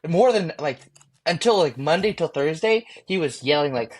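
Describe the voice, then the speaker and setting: A man, a guest on an interview show, telling his story candidly and profanely, acting out his own thoughts in lively bursts. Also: fairly high pitch, moderate pace.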